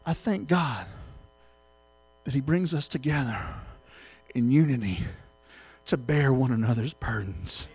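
A middle-aged man preaching an emotional sermon, swinging between loud exhortation and hushed tenderness. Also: mid-range voice, lively intonation, measured pace, slightly rough, soft background music.

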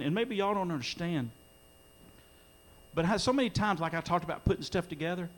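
A man's voice: sits high, lively intonation, a little fast, long pauses. A middle-aged man preaching a sermon in a church, earnest, his voice swelling when he quotes scripture. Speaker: pastor. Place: church sanctuary during a live-streamed service.

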